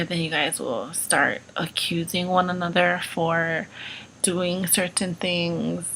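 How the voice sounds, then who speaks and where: A woman's voice: sits low, creaky, bright, forceful tone, a little hiss or hum, rough recording. A young woman vlogging casually, chatty and full of "like" and "um" while she tells a personal story. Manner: chatty, lots of "like" and "um". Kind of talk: casual advice vlog storytelling.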